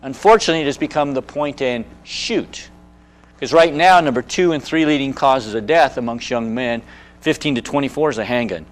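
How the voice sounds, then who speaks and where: A man in his sixties, speaking on anger management with a mid-range voice at a brisk pace, gives a presentation on handling anger. He is an animated storyteller, sharing personal stories and acting out the voices of the people in them.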